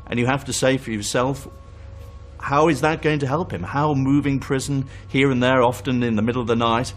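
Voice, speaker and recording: Earnest questioning man. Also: mid-range voice. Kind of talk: documentary interview.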